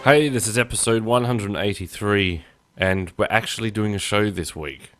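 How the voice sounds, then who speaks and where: A man's voice: on the low side, normal speed, a bit bright, soft background music. A man hosting a podcast, chatting casually and rambling with self-deprecating jokes. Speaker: podcast host.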